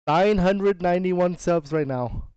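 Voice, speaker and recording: A man's voice: sits high, a little slow, darkish tone, clear, resonant tone, no echo. A man in a casual chat, upbeat and agreeable. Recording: dull lo-fi call audio.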